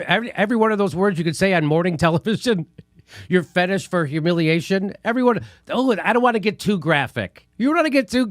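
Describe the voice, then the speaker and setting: A man's voice: a little high, dry recording, clean studio sound. A man hosting a political comedy commentary show, ranting with heavy profanity and laughing often. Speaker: show host.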